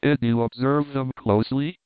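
A shrewd, composed detective lays out his reasoning in measured phrases, as a male reader plays him. The voice is smooth but comes through dry and tinny, like a phone line. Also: mid-range voice, steady tone, dry recording, natural voice. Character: calm, shrewd male detective, middle-aged.

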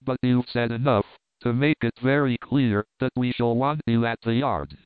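A blunt, unsentimental police inspector talks in a matter-of-fact way, as a male narrator puts him on. The sound is dry and thin like a phone line, the voice itself smooth. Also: mid-range voice, moderate pace, no room sound, lightly acted.

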